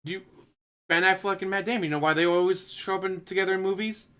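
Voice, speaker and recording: Sarcastic man with a bright voice. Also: high-pitched, fairly even intonation, fast talker, clean tone. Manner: sarcastic, mocking rebuttals. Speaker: streamer reacting to a clip. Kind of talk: live-stream commentary. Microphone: desk USB microphone.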